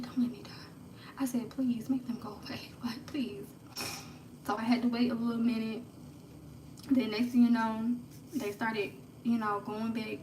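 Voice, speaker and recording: Woman streaming from home, bit high voice, chatty n laughing, sounds off-mic in an echoey room. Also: far from the mic. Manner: chatty, laughs often, hushes to a whisper when retelling prayers. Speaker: livestreamer. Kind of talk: casual storytelling on a livestream. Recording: echoey room, off-mic, faint background noise.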